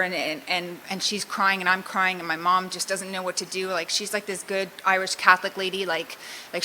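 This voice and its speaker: A woman's voice: fairly low pitch, pushed and bright, slight background noise, poor audio. A middle-aged woman from Southern California sharing her recovery story in a candid, self-mocking way, often laughing at herself. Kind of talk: personal testimony talk.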